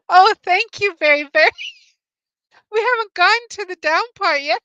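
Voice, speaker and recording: Cheerful woman hosting bright Bible trivia. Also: very high voice, no room sound, muffled recording. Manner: cheerful, laughs often, greets and reads out viewers. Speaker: host. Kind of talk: live-stream Bible trivia with chat.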